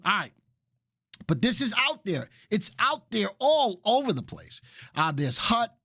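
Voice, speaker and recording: Animated man hosting a live stock webinar. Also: sits high, a little slow, dry recording, studio quality. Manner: animated, repeats phrases for emphasis, addresses chat viewers. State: excited and sweating. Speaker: stock market webinar host.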